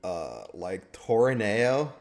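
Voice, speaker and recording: A man's voice: lowish voice, very animated, slow, vocal fry. A young man chatting casually while streaming a game, rambling and trailing off with fillers.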